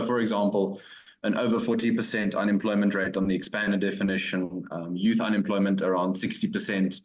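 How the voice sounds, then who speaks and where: A man from South Africa, a guest on a talk show, speaking in a dry, matter-of-fact way and citing figures. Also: fairly low pitch. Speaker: guest, think tank director. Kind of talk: casual talk show discussion. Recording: dull lo-fi call audio.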